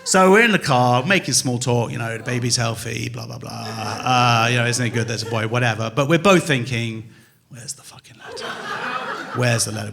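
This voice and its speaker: A man's voice: mid-range voice, creaky, background noise. Swearing stand-up man on stage. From England. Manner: animated storytelling, acts out his wife and staff in quick voices; swears freely, jumps from loud to muttered. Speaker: stand-up comedian. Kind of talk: stand-up comedy set. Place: comedy club stage.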